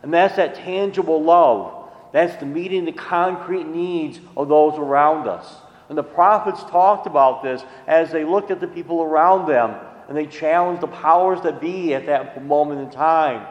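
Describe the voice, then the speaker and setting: A man's voice: on the high side, moderate pace, reverberant, big-room sound, dull audio. A man giving a sermon as a priest, in a conversational way with folksy asides. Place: church.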